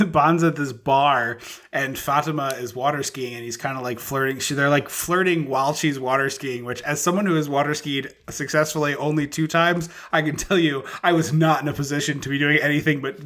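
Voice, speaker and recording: Man co-host, chatty film recap, slightly high voice, laughs a lot. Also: brisk. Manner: animated, laughs often, breaks into silly put-on voices. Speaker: podcast co-host. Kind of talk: casual movie recap chat.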